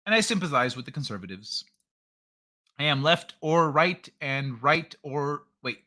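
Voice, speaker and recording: A man with a bright, forceful voice that sits a little high, talking loosely to his chat on a livestream. He rambles, restarts his sentences and swears as he reacts to messages. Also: animated, measured pace. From California. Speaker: livestream host reading chat.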